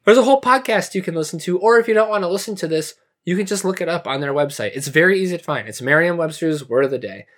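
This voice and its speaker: A man's voice: a little high, lively intonation, fast talker, few pauses, a bit bright. A man co-hosting a casual podcast, reading out words and definitions with playful asides. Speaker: podcast co-host.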